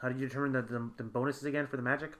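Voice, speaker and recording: A man playing a tabletop game, hesitant and halting as he looks up rules and spells. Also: medium pitch, steady tone, a bit bright. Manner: hesitant, many fillers and restarts while looking up rules. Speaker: player.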